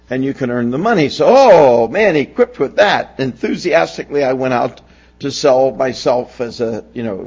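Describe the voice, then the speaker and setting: A man's voice: mid-range voice, a little mellow, slightly rough, lo-fi sound. A pastor in his sixties from Pennsylvania, preaching a sermon with folksy, humorous storytelling. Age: 60s.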